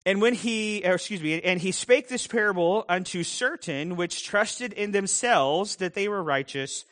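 A man's voice: sits high, a bit bright. A middle-aged man preaching a sermon in a conversational way, with self-deprecating humor. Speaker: pastor.

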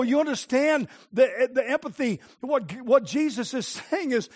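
A man preaching a sermon as pastor, impassioned, moving from hushed tones to crying out. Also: extremely high pitch, animated, normal speed, hardly any pauses.

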